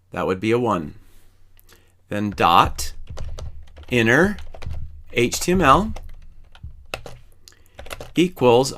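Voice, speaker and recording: Man, coding tutorial instructor, bright clear tone, calm and methodical, step-by-step explanations. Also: mid-range voice. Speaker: programming instructor. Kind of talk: screen-recorded coding tutorial.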